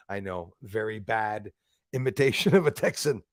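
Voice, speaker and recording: A man's voice: lowish voice, expressive, normal speed, no echo, studio quality. A man hosting a casual live stream, chatting with viewers by name and swearing casually. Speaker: livestream host.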